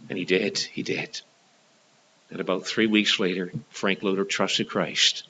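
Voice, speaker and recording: A man's voice: sits low, flat delivery, a little slow, pushed and bright, lo-fi sound, a little hiss or hum. A man preaching a gospel sermon, telling a story in an earnest way and building to emphatic, repeated lines.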